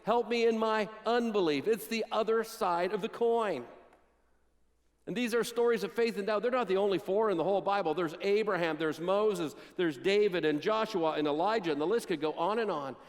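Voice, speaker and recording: Man, pastor, high voice, dramatic storytelling sermon, long reverb of a church hall. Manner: storytelling, acts out Bible quotes with dramatic pauses. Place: church sanctuary.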